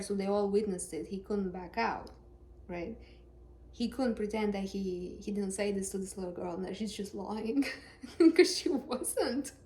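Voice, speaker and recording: A woman's voice: medium pitch, darkish tone. Joking woman reading scripture aloud. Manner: sarcastic and joking. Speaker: Bible reader and commentator. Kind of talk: casual Bible reading with commentary.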